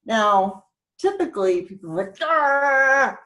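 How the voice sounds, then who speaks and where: A woman's voice: sits high, animated, a little slow. A woman speaker guiding a laughter exercise, upbeat, breaking into laughter and cheers. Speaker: self-care speaker.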